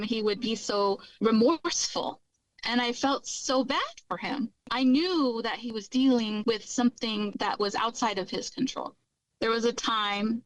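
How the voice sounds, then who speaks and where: A woman's voice: mid-range voice, no room sound, poor audio. A middle-aged woman earnestly recounting her own hard past in a candid personal testimony. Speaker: guest recounting her life.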